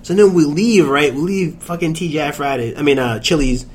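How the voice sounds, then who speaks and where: A young man on a podcast telling a long story with lots of laughter, quoting people in a lower mutter. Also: a little fast, breathy edge. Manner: animated, laughing storyteller, drops into low mutters when quoting. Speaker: podcast co-host. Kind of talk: casual storytelling chat.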